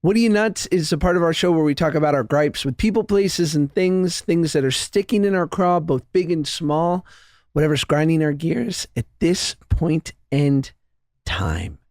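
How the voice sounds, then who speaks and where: Animated jokey male podcast host. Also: on the high side, moderate pace, dry recording, studio quality. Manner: playful, jokey, animated ranting. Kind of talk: casual comedic chat.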